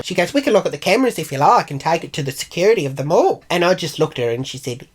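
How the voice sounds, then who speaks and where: Brash, foul-mouthed Australian woman, low voice. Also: lively intonation, fast talker, few pauses. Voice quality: brash, profane, mimics others in high voices. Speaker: vlogger. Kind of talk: casual storytelling.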